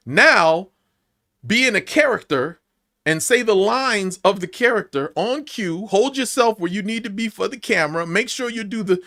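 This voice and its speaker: Forties guy on a podcast telling a story, a bit high voiced, acts out all the people he quotes. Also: expressive, moderate pace, sharp tone. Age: 40s. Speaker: actor guest. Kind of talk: storytelling interview. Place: podcast studio.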